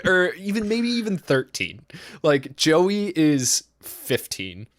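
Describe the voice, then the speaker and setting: A young man co-hosting a casual podcast, spinning a long, profane story about a night gone wrong. He takes his time, his voice swinging widely in pitch and breaking into laughter. The sound is dry and close, with no room around it. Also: huge pitch swings, takes it slowly, no echo. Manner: rambling, profane, laughs often while telling a story. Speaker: podcast co-host.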